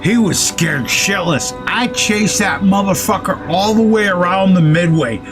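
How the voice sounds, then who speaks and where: A gaming streamer with a high-pitched voice talks at a measured pace while he plays, spinning a rambling, profane anecdote full of quoted threats. Faint music runs underneath.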